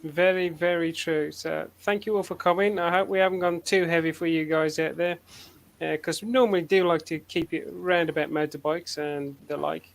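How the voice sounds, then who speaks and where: A man's voice: on the high side, fairly even intonation, normal speed, creaky. A man hosting a casual group chat on a call, rambling and hesitant with many fillers. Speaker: host.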